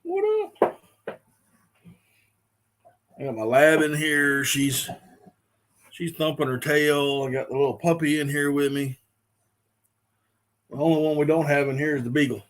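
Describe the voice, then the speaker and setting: A middle-aged man hosts a casual live stream, talking in a relaxed, rambling way with many fillers. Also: medium pitch, unhurried, pauses often, a little hiss or hum. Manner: laid-back, rambling, with fillers and restarts.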